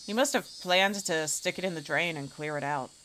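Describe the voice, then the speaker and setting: A woman game streamer with a fairly low voice narrating a visual novel aloud. She reads the prose evenly and drops into casual, chatty comments in between. A faint hum of noise sits behind her. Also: fairly quick. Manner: casual, expressive asides between even narration.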